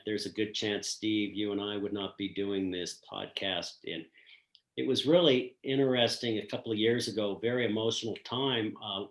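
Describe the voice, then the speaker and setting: An older man and retired school principal telling a personal story in an earnest, reflective way with frequent pauses. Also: fairly low pitch. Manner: earnest, reflective, pausing often. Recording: roomy echo.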